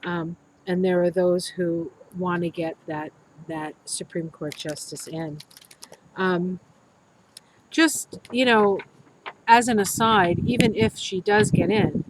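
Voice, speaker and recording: A woman's voice: fairly low pitch, fairly even intonation, slow, background noise. A middle-aged woman, an astrologer, talking casually and rambling to her viewers with many ums and restarts. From United States. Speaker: astrologer and tarot reader. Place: healing center room.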